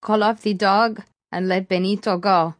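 A woman's voice: mid-range voice, steady tone, normal speed, no room sound, clean studio sound, close to an everyday voice. A woman voicing a frightened young woman caught up in danger, speaking urgently in an audiobook reading. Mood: terrified. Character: frightened young woman ally under threat.

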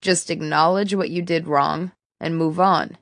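A woman voicing a calm, sarcastic male mentor in an audiobook, teasing and unhurried. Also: low voice, dry recording, clean studio sound. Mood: probing. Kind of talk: audiobook character reading.

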